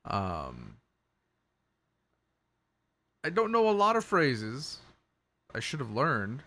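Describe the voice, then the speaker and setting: A man's voice: mid-range voice, huge pitch swings, slow pace, a bit bright. A man casually opening a tabletop game stream as game master, chatty, laughing and swearing a little. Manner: laid-back, laughing, swearing, chatty drawl.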